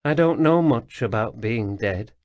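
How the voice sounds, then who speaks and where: Brief: calm murmuring ghost of a woman soldier, read by a man, unhurried. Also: mid-range voice, dry recording, natural voice. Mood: calm, wry. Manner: quiet, murmuring, resigned. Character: female soldier's ghost, calm, wry, gentle.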